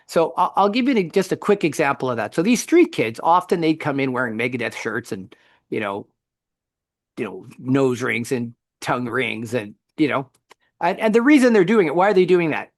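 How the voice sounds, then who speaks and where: A middle-aged man co-hosting a faith podcast, telling a story in a lively conversational way with frequent restarts. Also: mid-range voice, moderate pace, no echo, clean studio sound. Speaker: podcast co-host.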